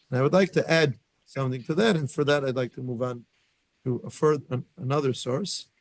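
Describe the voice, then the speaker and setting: In a synagogue study room, a man gives a Torah class as a lecture, thinking aloud, frequently restarting and putting questions to his students. His voice is medium in pitch, with no room sound.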